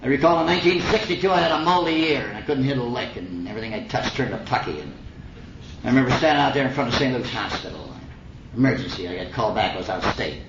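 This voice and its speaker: A man's voice: medium pitch, expressive, quick pace, noisy background. A middle-aged man giving a personal testimony at a recovery meeting, a folksy, slangy storyteller with wry humor. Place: meeting hall before an audience. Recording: old echoey lo-fi recording with audience.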